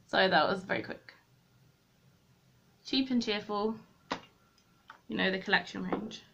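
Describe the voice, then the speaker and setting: A woman's voice: mid-range voice, unhurried, vocal fry, a bit bright, lo-fi sound, slight background noise. A young woman chatting to viewers while she does her makeup at a desk at home, rambling and poking fun at herself. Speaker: beauty vlogger. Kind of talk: chatty get-ready-with-me vlog. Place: room at home, at a desk with a mirror.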